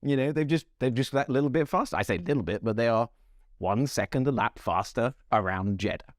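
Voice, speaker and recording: A man co-hosting a sports podcast, chatting casually, animated and joking, laughing often. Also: medium pitch, brisk, no room sound, clean studio sound. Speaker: podcast co-host. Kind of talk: casual chat.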